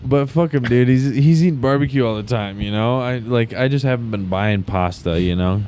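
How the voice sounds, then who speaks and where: A man's voice: medium pitch, brisk, darkish tone, a little hiss or hum. A man co-hosting a comedy podcast, laid-back and agreeable in casual chat.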